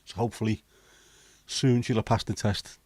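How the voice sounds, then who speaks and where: A man's voice: on the low side, steady tone, normal speed, a little mellow, dry recording. A middle-aged man hosting a casual livestream chat, reading out viewer comments and answering them bluntly, swearing freely. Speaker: livestream host.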